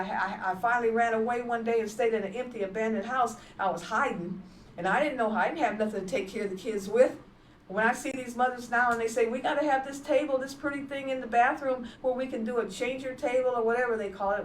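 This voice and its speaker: A woman's voice: a little high, slight background noise. A woman evangelist giving her testimony in an emphatic, repetitive, plainspoken way. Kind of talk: testimony preaching. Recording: echoey room from far off.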